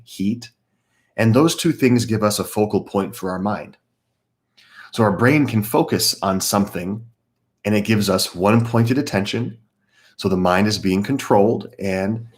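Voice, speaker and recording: A man teaching a live guided meditation class, calmly explaining breathing techniques and greeting viewers by name. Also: low-pitched.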